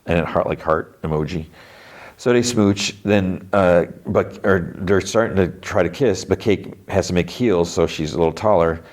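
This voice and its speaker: Low-voiced male podcast host, loose rambling recap, heavy on filler words. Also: moderate pace, a little mellow. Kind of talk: casual episode recap.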